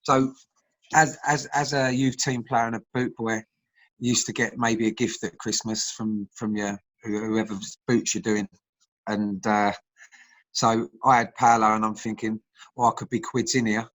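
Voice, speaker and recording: A man's voice: on the low side, flat delivery, moderate pace, a bit bright, low-quality recording. A man, a former footballer telling stories in casual chat, laughing often, over a video call. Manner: chatty storyteller, laughs often.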